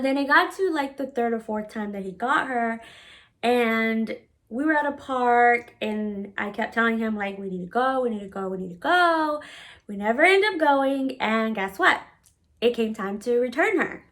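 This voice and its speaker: A woman casually telling a story from her own life. She talks bluntly, swears freely, uses lots of filler words, and acts out her own past words as she goes. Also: on the high side. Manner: animated retelling, often acting out her own past words. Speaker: storytime vlogger.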